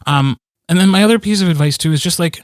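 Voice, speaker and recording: A man's voice: a little high, quick pace, dry recording, clean studio sound. A man who narrates audiobooks, co-hosting a podcast in casual chat with many fillers and restarts.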